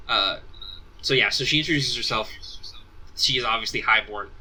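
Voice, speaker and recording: A man's voice: medium pitch, moderate pace, sharp tone, slight background noise, low-quality recording. A man running a tabletop role-playing game as game master, narrating in a rambling way full of asides. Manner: rambling, many ums and asides.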